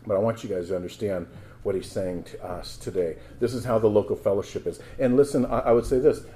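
Dark-voiced pastor preaching to his congregation. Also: fairly low pitch, steady tone, fast. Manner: conversational preaching, rising to emphatic scripture reading. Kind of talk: sermon.

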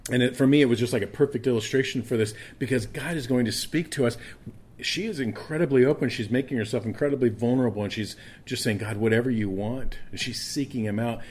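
A man with a mid-range, slightly mellow, husky voice talks quickly as he preaches a sermon that includes a scripture reading. His tone is earnest and conversational, and he often trips over repeated words while restarting a thought.

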